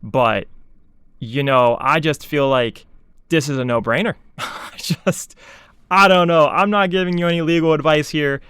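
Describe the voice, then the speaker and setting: A man's voice: on the high side, a little slow, a bit bright, clear, resonant tone, no echo. Exasperated sarcastic young man ranting. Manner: exasperated, sarcastic, mocking voices in quotes. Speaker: VTuber commentator. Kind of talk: ranting commentary.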